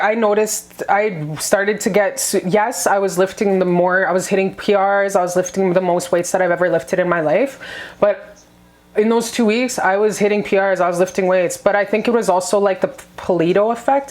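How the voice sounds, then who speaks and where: A woman's voice: mid-range voice, a little mellow. A young adult woman talking candidly to her viewers in a confessional vlog, blunt and swearing freely. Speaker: vlogger.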